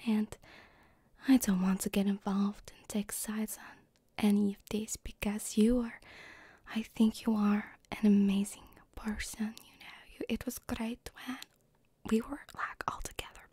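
A woman voicing a kind middle-aged mother of the listener's ex in a whispered role-play, gentle and hesitant. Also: medium pitch, breathy edge, no room sound.

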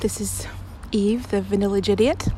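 A young woman who makes audios speaks to her listeners outside in a casual, rambling, self-deprecating way, using many fillers. Her medium-pitched voice is mellow and steady at a moderate pace, with a little hiss or hum in the recording.

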